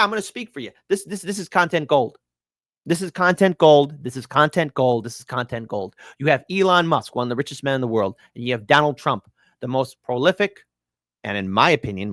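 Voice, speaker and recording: A man's voice: fairly high pitch, a bit bright, no room sound, clean studio sound. A male political commentary host, sarcastic and informal, who repeats his phrases for emphasis. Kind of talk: casual opinion commentary.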